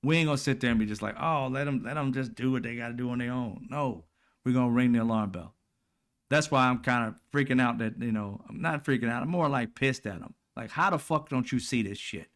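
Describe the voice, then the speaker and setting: A man's voice: medium pitch, fairly quick, fairly bright tone. A man, giving blunt, profane, heated political commentary as a host in casual speech.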